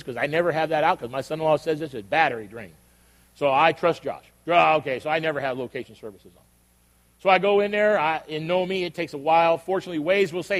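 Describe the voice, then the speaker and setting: High-voiced man preaching in a reverberant hall. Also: fast talker. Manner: conversational storytelling, rising to emphatic questions. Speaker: pastor. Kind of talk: sermon.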